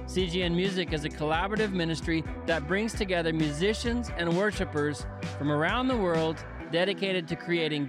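A man hosting a casual podcast interview in an upbeat, joking way, speaking close to the microphone. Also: fairly high pitch. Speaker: podcast host. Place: sitting on couches indoors. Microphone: microphone held close on mini tripod.

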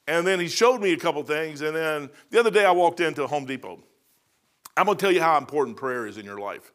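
A man in his sixties preaching a sermon, telling folksy stories and swinging between loud punchy lines and soft asides. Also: sits high, lively intonation, fairly quick. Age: 60s.

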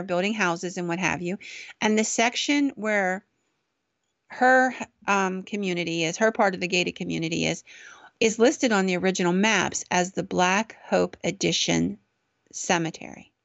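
A woman's voice: medium pitch, normal speed, creaky, fairly bright tone, no echo. A woman podcast host casually telling a ghost story in a chatty, conversational way, on a dull, dry recording.

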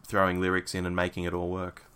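A man's voice: sits low, monotone, fast, bright, forceful tone, clear, resonant tone. A man co-hosting a casual chat, reading passages from a book aloud and then talking them over with fillers and restarts. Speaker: podcast co-host reading from a book.

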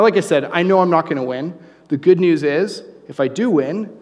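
A man preaching a sermon, conversational and joking, with animated asides. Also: a little high, long reverb tail. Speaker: pastor. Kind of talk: sermon with humorous story.

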